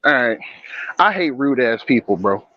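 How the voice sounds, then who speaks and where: A man co-hosting a casual podcast, telling an animated, profane story and roasting a stranger between laughs. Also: mid-range voice, normal speed, no room sound. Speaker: podcast co-host. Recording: dull lo-fi sound.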